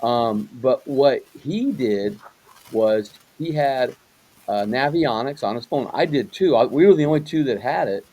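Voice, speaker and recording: Husky, mellow-voiced man host. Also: mid-range voice, lively intonation, a little slow, rough recording. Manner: loose, rambling, lots of fillers and backchannel. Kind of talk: casual interview chat.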